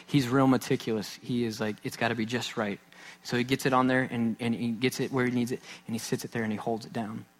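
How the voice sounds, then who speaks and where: A man in his thirties preaches a sermon in an earnest, conversational way. His voice sits at an ordinary middle pitch and often sinks to a soft, intense hush for emphasis. He acts out small everyday scenes as he goes. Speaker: pastor.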